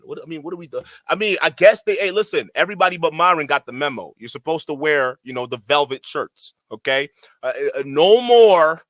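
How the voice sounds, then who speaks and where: A man's voice: fairly high pitch, a bit bright, no echo. A man doing reaction commentary, mocking and laughing as he talks to his chat. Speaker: reaction streamer.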